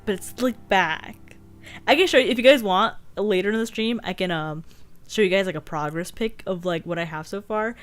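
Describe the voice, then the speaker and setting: A woman's voice: mid-range voice, moderate pace. Woman streamer, chatty and giggly, casual rambling talk, desk mic with pop filter. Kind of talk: casual live-stream chat over gameplay.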